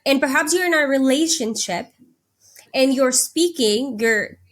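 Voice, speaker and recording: Higher-voiced woman podcast host. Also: lively intonation, measured pace. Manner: conversational, poses questions, checks with "right?". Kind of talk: casual interview talk.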